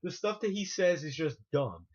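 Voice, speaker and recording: A man's voice: fairly high pitch, very animated, normal speed. A man ranting indignantly in a vlog monologue, repeating himself and restarting sentences. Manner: indignant, repetitive, frequent restarts. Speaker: online ranter. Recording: muffled lo-fi recording.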